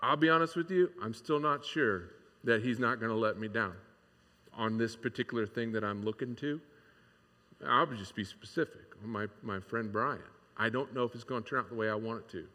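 Candid preacher with a bright voice in a reverberant hall. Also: male voice, mid-range voice, moderate pace. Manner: candid, conversational, many fillers and restarts. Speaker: pastor. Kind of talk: sermon.

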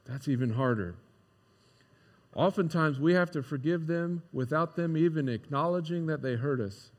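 A male pastor delivering a casual, animated sermon and acting out the voices in a parable. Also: a little high, moderate pace. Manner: conversational, animated, acts out quoted voices. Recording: long hall reverb.

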